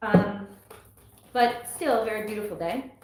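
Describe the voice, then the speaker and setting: Chatty tarot reader in an echoey room. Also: female voice, mid-range voice, normal speed, darkish tone. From US East Coast. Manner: chatty, laughs often, exclaims at the cards. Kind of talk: casual live tarot reading.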